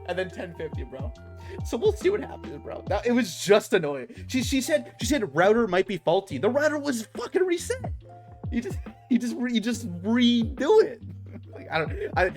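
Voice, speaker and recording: A young adult man streaming, telling a work story in casual chat, swearing and saying bro a lot. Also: sits high.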